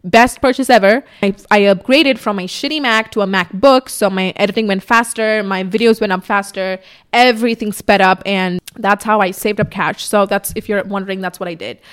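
A woman's voice: medium pitch, fairly even intonation, moderate pace, smooth. Chatty young woman telling candid stories. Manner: candid, chatty, swears freely, mock voices in quotes. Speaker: podcast host. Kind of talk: casual storytelling chat. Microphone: camera on a tripod in front of her.

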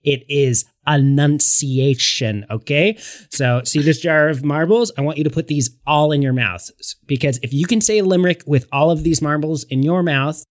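A man's voice: on the high side, normal speed. Rambling man repeating "all right". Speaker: player. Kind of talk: comedic role-play in a tabletop game.

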